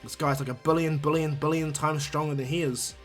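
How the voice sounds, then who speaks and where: A man's voice: a little high, fairly even intonation, a little fast, faint music behind. A man casually narrating a fan-made anime story for his channel, rambling, restarting words and adding "you know". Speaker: YouTube storyteller.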